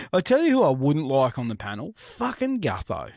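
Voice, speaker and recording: Sweary, animated man. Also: medium pitch, moderate pace, gravelly, dry recording, clean studio sound. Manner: blunt, sweary, easily amused. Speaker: podcast co-host. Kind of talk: casual sports podcast banter.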